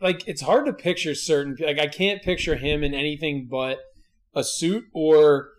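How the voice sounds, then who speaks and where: A man's voice: a little high, normal speed. A man co-hosting a podcast, joking and riffing on absurd bits in crude casual banter. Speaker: podcast co-host.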